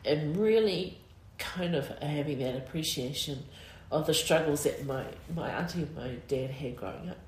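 Low-voiced emotional New woman. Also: darkish tone, reverberant, poor audio. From New Zealand. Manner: halting and reflective, many pauses and fillers. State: emotional, close to tears. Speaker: interviewee. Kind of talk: personal interview.

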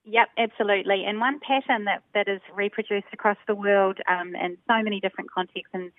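A woman's voice: mid-range voice, fairly even intonation, a little fast, no echo. A New woman, a sociolinguist, explaining ideas thoughtfully on a radio phone interview, with many hesitations. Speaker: sociolinguist guest. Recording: tinny phone line.

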